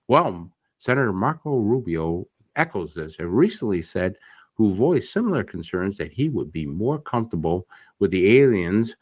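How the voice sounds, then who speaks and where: A man's voice: lowish voice, sing-song, moderate pace, a little mellow, dry recording. A man co-hosting a radio show, chatting casually and reading news with folksy joking asides.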